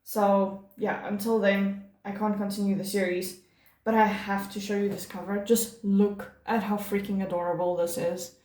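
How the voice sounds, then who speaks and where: Female book vlogger, casual and effusive, mid-pitched, recorded in an echoey room. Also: little pitch movement, normal speed, a little mellow. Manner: chatty and gushing, many fillers and restarts. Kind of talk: casual monthly reading wrap-up.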